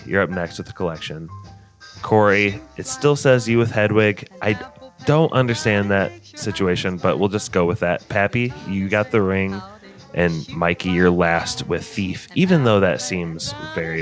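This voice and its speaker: A man's voice: deep voice, expressive, moderate pace, soft background music. A man with a Northern Indiana accent who hosts a podcast and runs a trivia game with energy, often laughing as he talks. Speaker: podcast host. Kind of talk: casual chat.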